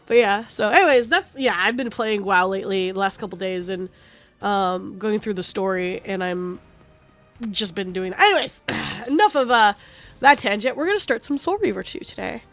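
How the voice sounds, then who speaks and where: A woman's voice: a little high, expressive, a little fast, fairly bright tone, soft background music. A woman streaming a game, chatting casually in a rambling, profane and passionate way. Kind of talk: casual gaming stream chat.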